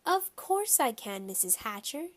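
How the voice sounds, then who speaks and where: A woman's voice: on the high side, sing-song, unhurried. A woman doing a bossy, pushy schoolgirl. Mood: eager pleading. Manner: pleading and insistent.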